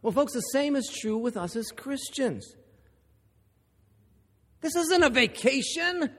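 A man from Ohio preaching a sermon, emphatic and building to forceful repeated lines. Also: extremely high pitch, big pitch swings, slow, long reverb tail.

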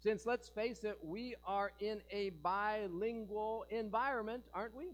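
A male pastor preaching in a church, his voice sitting high for a man. He keeps things animated, tossing jokes and rhetorical questions to the congregation. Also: a little slow, low-quality recording. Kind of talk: sermon.

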